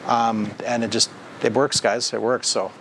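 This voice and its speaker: Man leading a lively staff training. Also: mid-range voice, moderate pace, noisy background. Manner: lively and conversational, asks the group questions. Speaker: company president giving staff training. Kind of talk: workplace training talk to a service team. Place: indoor room with a group of staff.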